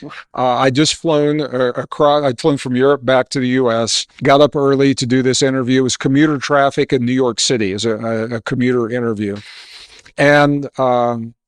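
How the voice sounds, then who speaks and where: A man's voice: mid-range voice, steady tone, moderate pace, clean tone, no room sound, studio quality. A man being interviewed as a guest, confidently telling a story and then explaining his views. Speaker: guest author.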